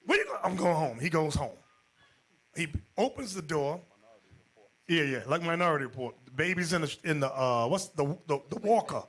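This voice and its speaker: A man preaching as a bishop in a Bible class, telling stories in an animated way and acting out the people in them, sometimes shouting. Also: on the high side, moderate pace. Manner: animated, acts out quotes, jumps to shouting. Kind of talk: storytelling Bible class sermon.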